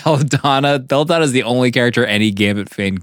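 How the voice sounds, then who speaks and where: A man's voice: medium pitch, fast, no echo, clean studio sound. A man co-hosting a comics podcast, chatting casually and wryly about old episodes. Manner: wry, reminiscing, lots of laughs. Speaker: podcast co-host. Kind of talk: casual chat.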